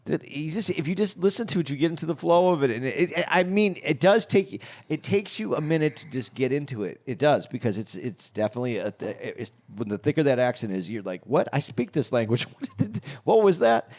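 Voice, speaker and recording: A man's voice: medium pitch, fairly quick, few pauses, a little mellow. A man in casual podcast chat, earnest and a little hesitant as he makes his point. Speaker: podcast co-host.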